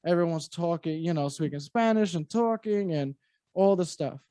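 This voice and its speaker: A man co-hosting a podcast, telling stories in an animated, casual way with swearing and easy laughter. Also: fairly high pitch, moderate pace, smooth, no room sound, clean studio sound. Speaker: podcast co-host. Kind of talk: casual chat.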